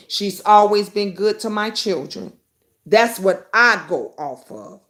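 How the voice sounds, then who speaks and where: A middle-aged woman hosting a live stream, talking bluntly and reading viewer comments aloud, with the occasional swear. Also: medium pitch. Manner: blunt and outspoken, swears freely; animated, jumps between comments and stories. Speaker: YouTube talk show host.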